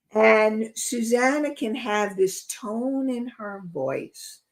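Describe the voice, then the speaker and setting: A woman hosting a self-help talk show, speaking earnestly and reflectively, addressing her listeners directly. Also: mid-range voice. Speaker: host. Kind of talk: inspirational talk show monologue.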